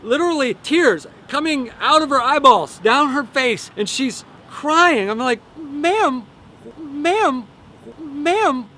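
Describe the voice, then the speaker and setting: High, bright-voiced storytelling man. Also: unhurried, few pauses. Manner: animated, folksy, with repeated phrases. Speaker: life coach. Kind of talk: storytelling to camera.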